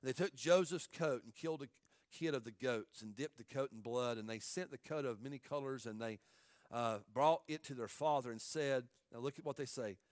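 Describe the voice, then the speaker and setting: A man preaching as a pastor, an impassioned sermon that swings from hushed asides to near shouts. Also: mid-range voice, moderate pace, dry recording, studio quality.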